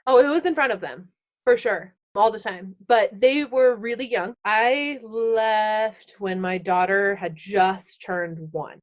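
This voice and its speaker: Slow and medium-pitched, a thirtysomething woman shares her own story on a podcast, open and unscripted. "Like" keeps cropping up, and she voices her earlier thoughts as little acted-out quotes. The recording sounds a bit dull and lo-fi.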